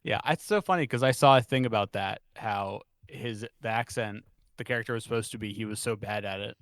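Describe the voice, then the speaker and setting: A man co-hosting a podcast, chatting casually, rambling and joking and quick to laugh. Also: lowish voice, a bit bright, no echo, studio quality. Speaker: podcast co-host. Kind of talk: casual chat.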